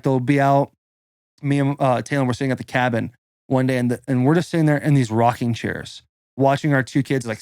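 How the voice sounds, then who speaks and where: A man's voice: medium pitch, a little mellow, clear, resonant tone, no echo, studio quality. A man in his thirties, a podcast host, telling a personal story in a loose, casual way, swearing and saying "like" constantly. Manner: loose and profane, full of "like" fillers.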